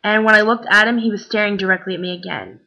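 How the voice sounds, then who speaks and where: A tired young woman rambles through a casual vlog, peppering her talk with "like" and "um". Her voice has a gravelly fry. The recording sounds dull and lo-fi, like a cheap webcam. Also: mid-range voice, fast. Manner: chatty, rambling, lots of "like" and "um". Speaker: vlogger. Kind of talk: casual chat.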